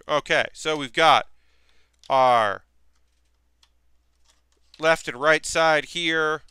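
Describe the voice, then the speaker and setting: Guy rambling to his stream chat while he builds stuff, really crisp voice, pitched a bit high. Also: very slow, long pauses, bright, forceful tone, no echo, studio quality. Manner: rambling, chatty, many fillers. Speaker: streamer building costume armor. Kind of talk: casual chat with live chat. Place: home workshop.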